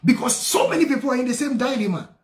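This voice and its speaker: A high-pitched Ghanaian man hosts a call-in radio show, chatting in a lively way and switching between Twi and English. His voice rings out in an echoey studio. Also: quick pace. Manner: lively, switches languages, reads out names with a singsong refrain. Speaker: radio show host, solicitor.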